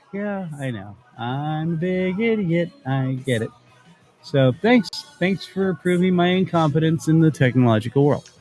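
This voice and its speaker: A man's voice: a little high, expressive, unhurried, pauses often, a little mellow. A man co-hosting a casual live show from his home studio, rambling and joking around. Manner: joking, rambling, tries silly British voice. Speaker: podcast co-host. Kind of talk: casual chat.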